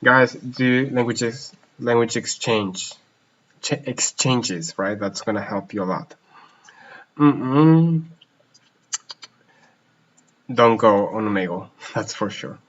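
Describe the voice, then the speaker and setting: A man with a medium-pitched voice speaks slowly, leaving long pauses. He's a language teacher hosting a casual live Q&A stream, reading viewer questions aloud and switching languages mid-sentence. The stream audio is lo-fi and slightly dull.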